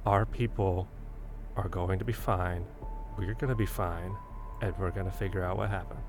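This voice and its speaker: A man voicing a numb young man in shock, talking flatly and quietly in halting bits. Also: deep voice, over music, natural voice. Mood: numb resolve. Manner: flat, quiet, halting delivery.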